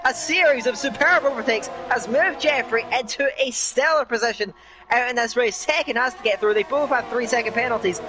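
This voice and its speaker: A man giving live play-by-play commentary on a sim racing league, excitable as the action heats up. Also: very high-pitched, background noise. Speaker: race commentator.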